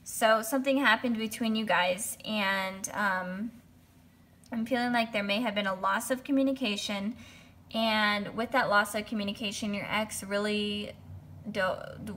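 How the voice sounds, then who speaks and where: A young woman giving a casual tarot reading, talking hesitantly with many pauses and restarts. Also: mid-range voice, fairly even intonation, fairly bright tone. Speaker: tarot reader.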